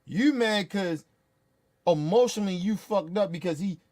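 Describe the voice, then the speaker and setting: A man's voice: high voice, normal speed, darkish tone. A man ranting in profane, heated commentary, blunt and repetitive. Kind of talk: profane political rant.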